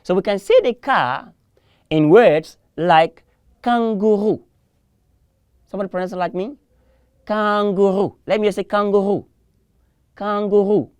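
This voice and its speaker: A man's voice: high voice, lively intonation, moderate pace, darkish tone, smooth, no room sound. A man teaching a televised French lesson, drilling words through repetition and call and response.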